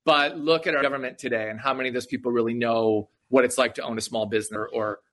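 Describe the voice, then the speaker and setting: A man's voice: mid-range voice, steady tone, quick pace, fairly bright tone. A man being interviewed as an author on a podcast, explaining eagerly and often tagging "right?" onto his points. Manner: enthusiastic, explanatory, frequent "right?" asides. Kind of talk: conversational interview.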